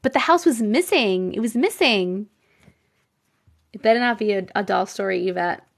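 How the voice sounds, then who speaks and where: A woman's voice: medium pitch, lively intonation, moderate pace, gravelly. A woman with a New York accent hosting a casual live stream, chatting with viewers, exclaiming and laughing often. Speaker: live stream host reading viewer stories.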